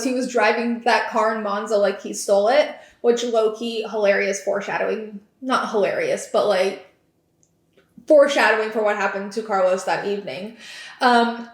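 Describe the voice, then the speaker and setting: A young woman hosting a podcast in casual chat, giggling and talking in a loose stream of fillers and "like". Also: fairly high pitch. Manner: chatty, giggly, lots of fillers and likes. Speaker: podcast host. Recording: echoey room.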